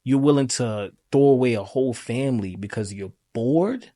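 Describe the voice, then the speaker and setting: A man's voice: medium pitch, normal speed, no echo, clean studio sound. A man co-hosting a podcast, talking animatedly in casual chat and laughing as he makes his points. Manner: animated, laughs while talking, repeats himself. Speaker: podcast co-host.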